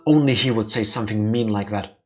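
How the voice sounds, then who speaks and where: A man's voice: on the low side, brisk, faint music behind, voice pushed down, lightly acted. A man voicing a grieving young male bird in a visual novel who is stubborn and set on revenge, speaking earnestly and insistently.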